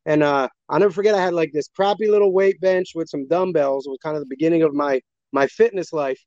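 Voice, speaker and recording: A man, a wrestler, chatting as a guest, a little out of breath. His voice sits a bit high and sounds dry and close, with a dull, lo-fi tone. He tells stories loosely and rambles. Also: quick pace, darkish tone, no room sound. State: slightly out of breath. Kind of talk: casual chat on a stream.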